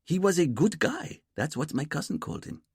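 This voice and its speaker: Storybook figure: an eager, chatty young male police constable, as a male narrator puts him on. His voice is a touch husky, with lively pitch, in a dry close recording. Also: a little fast, no echo, full character voice.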